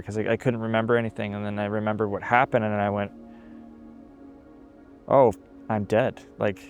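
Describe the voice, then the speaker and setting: Halting young man recounting testimony. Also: on the low side. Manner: halting, filler-heavy, repeats words when emotional. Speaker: testimony guest. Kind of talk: personal testimony storytelling.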